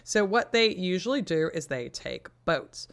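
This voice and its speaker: A woman leading a relaxed history podcast segment in a storytelling style. She is wry and a little profane, dropping into quick asides that act out the historical figures. Her talk is conversational and unscripted. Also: fairly low pitch. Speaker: podcast co-host. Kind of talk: casual history explanation.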